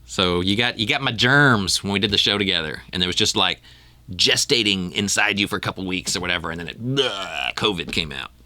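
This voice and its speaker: A man's voice: deep voice, a little fast, pushed and bright, no room sound. A man hosting a podcast in casual chat, rambling with frequent ums and restarts. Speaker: podcast host.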